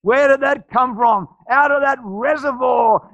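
A man preaching a sermon as pastor, telling stories with frequent restarts and shouted climaxes. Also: very high voice, unhurried, creaky, few pauses, no echo, lo-fi sound. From Australia.

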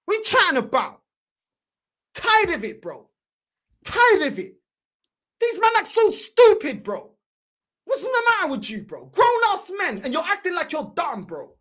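A heated London man rants in a high, wildly swinging voice, hammering his points with repeated "bro". He sounds like the host of a football fan reaction channel. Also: huge pitch swings, unhurried, long pauses, fairly bright tone. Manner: angry, ranting, repetitive "bro".

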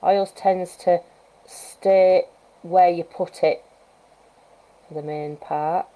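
Teaching painting live from her home studio, a mellow-voiced wildlife artist speaks extremely slowly in a steady tone on the low side, captured in a low-quality recording. Her casual demonstration is chatty, as she thinks aloud while painting and offers gentle coaching asides.

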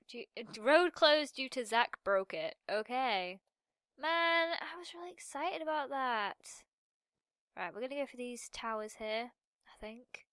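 A young woman giving bubbly, rambling commentary while playing a video game, with quick laughs between remarks. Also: fairly high pitch, fairly bright tone, clear, resonant tone, no room sound, studio quality. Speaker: gaming commentator. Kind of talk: casual Minecraft let's-play commentary.

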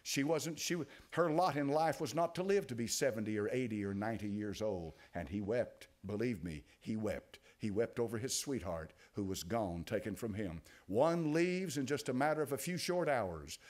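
An older man with an East Tennessee accent preaching a sermon as pastor, dropping to quiet asides and rising to loud exclamations. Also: mid-range voice, expressive, normal speed, hardly any pauses. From United States.

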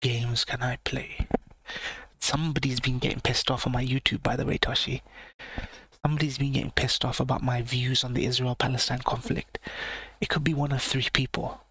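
A man hosts a late-night live stream, keeping his voice hushed and low, just short of a whisper, while he rants bluntly and swears. His voice is husky and stays flat in pitch. It sits close and dry on a mic with the gain turned up. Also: fairly quick, dry recording. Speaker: live-stream reaction host. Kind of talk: late-night livestream chat. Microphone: sensitive mic with gain turned up.

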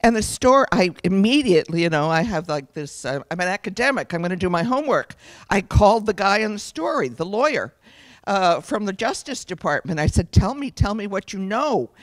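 A middle-aged woman from the United States, a guest speaker giving an earnest, reflective personal testimony at a lecture, pausing to correct herself as she goes. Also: mid-range voice, lively intonation, no echo.

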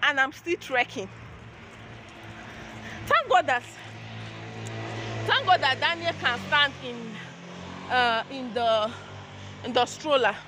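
With lively intonation, the young woman takes it slowly in a high voice, pausing often amid background noise. Speaking with a Nigerian accent, she vlogs casually to camera while walking city streets with a stroller, rambling exclamatorily and retelling annoyances with many restarts.

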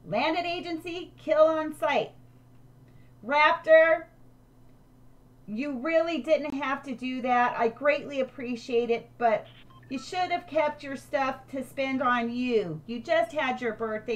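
A woman's voice: high-pitched, unhurried. An older woman live-streaming a game, chatting with viewers and thanking them by name.

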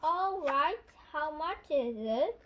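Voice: sits high, lively intonation, fairly bright tone, a little hiss or hum, pitched above the performer's own voice, exaggerated voice. A child voicing a kind old grandpa pig. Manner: reads slowly, sounding out storybook lines.

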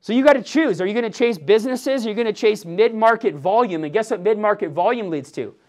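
Forties, high-pitched male trainer, fired up and punchy, quizzes the room. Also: expressive, fast talker. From Milwaukee, USA. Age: 40s. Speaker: sales team trainer. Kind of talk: motivational team training talk.

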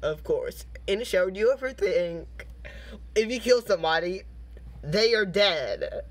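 High-voiced man, slow deadpan reader. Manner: deadpan reading broken out by laughing fits. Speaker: commentary video host. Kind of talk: reading posts aloud with jokey commentary.

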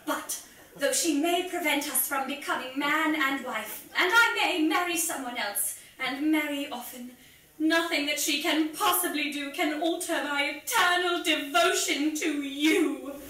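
A woman's voice: sits high, measured pace, bright, forceful tone. A woman playing a prim Victorian young lady. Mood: formal. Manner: stagey, formal theatrical delivery. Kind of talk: live comedy stage reading. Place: comedy venue stage. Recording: echoey stage from far off.

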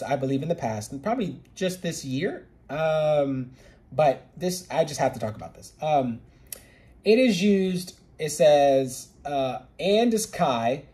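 A man giving a casual online Bible study, earnest and eager, repeating words for emphasis and rushing through his reading. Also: on the high side, mellow. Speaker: Bible teacher.

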